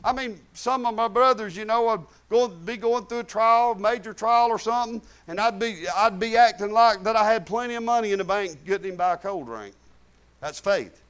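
A man's voice: sits high, moderate pace, fairly bright tone, clear, resonant tone. A middle-aged man preaching a sermon in a folksy, emphatic way, repeating phrases for stress.

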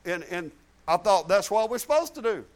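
A man's voice: sits high, big pitch swings, moderate pace. A middle-aged man preaching a sermon in a folksy, emphatic way, repeating phrases for stress.

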